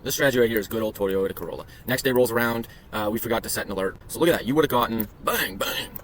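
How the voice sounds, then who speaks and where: Fast-talking profane man reviewing trades. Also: fairly low pitch, a little hiss or hum. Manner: crude joking, profane, rambling asides. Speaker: day trading vlogger. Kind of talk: casual screen-share commentary.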